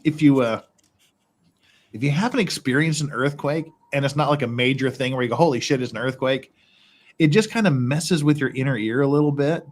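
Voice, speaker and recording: A man's voice: medium pitch, a little fast. Man telling rambling stories casually. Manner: rambling storyteller, swears freely, laughs often. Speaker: livestream host. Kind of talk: casual chat. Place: his house in Korea.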